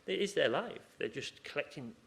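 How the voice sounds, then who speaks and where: A man's voice: fairly high pitch, animated, moderate pace, vocal fry, a bit bright. A man working as a hospital acupuncturist, chatting informally at a conference and acting out conversations from the ward. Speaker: acupuncturist in a hospital surgery team. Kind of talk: conference talk with questions from the floor.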